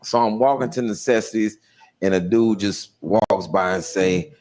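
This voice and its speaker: A man's voice: fairly low pitch, moderate pace, a little hiss or hum. A man telling a stand-up comedy story, voicing the people in it and laughing through his lines. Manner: animated, voices other inmates, laughs through lines.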